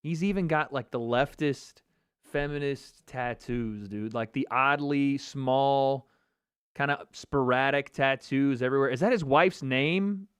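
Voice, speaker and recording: A man's voice: mid-range voice, unhurried, fairly bright tone, clear, resonant tone, no room sound, clean studio sound. A man hosting a live MMA talk stream, commenting casually with mocking, profane banter and frequent laughter. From United States.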